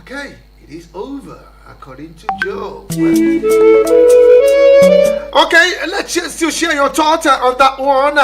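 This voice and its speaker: A man hosting a sports phone-in radio show, brisk and polite with callers. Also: very high-pitched, lively intonation, over loud music.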